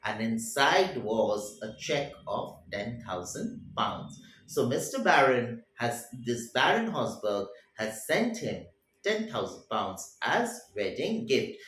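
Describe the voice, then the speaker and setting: A man's voice: mid-range voice, fairly bright tone. A man reads a story aloud for students and paraphrases each passage in simple words. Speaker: teacher. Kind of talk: reading and explaining a story for a class. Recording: roomy echo.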